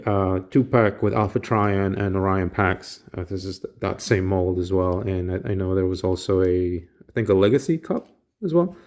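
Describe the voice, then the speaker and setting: A man casually reviewing a collectible action figure, relaxed, with frequent ums and restarts. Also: on the low side.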